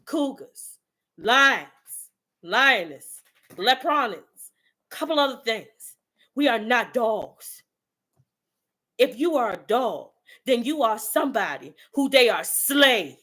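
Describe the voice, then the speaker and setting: A woman launches into an impassioned motivational rant, fiery and preachy throughout. Her voice sits high and rings bright and sharp. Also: animated, slow pace, pauses often. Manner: fiery, preachy, street-talking. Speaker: host.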